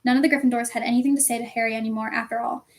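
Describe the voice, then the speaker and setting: A woman reading a storybook aloud in a calm, steady narration. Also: on the high side, racing. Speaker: audiobook reader.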